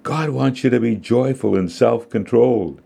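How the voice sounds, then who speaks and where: A man hosting and narrating a scripted children's devotional story in a gentle, measured way. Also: mid-range voice, creaky, slightly rough. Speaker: host and narrator.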